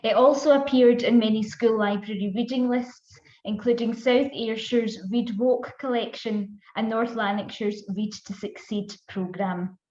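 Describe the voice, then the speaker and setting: A woman's voice: fairly high pitch, steady tone, measured pace, warm tone. A woman hosting an online event, reading a friendly scripted introduction with small slips. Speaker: event host. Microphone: video call. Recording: echoey, dull lo-fi video call audio.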